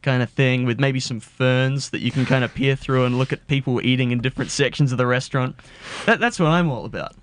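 A man's voice: mid-range voice, fairly even intonation, a little fast, hardly any pauses, slight background noise. An Australian man co-hosting a radio show, ranting in a playful, mock-indignant way. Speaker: radio co-host. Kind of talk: casual radio banter.

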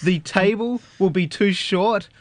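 A man's voice: high voice, measured pace. A man co-hosting a radio show who argues skeptically against the topic. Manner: skeptical, argumentative. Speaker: radio co-host. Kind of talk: casual radio banter.

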